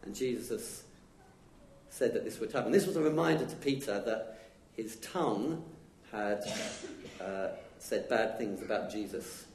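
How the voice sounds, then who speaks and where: A man's voice: lowish voice, expressive, a little mellow. A man giving an informal, conversational sermon at a church, chatting with the congregation. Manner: conversational, chatty, acts out quick dialogue. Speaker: lay preacher. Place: church hall. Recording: echoey church room with faint noise.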